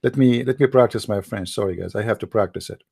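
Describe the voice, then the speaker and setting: An actor playing a boastful, rambling mock preacher with an Arabic accent, in a satirical livestream monologue. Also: male voice, lowish voice, quick pace, vocal fry, darkish tone, breathy edge. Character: mock-pompous self-styled male preacher, middle-aged.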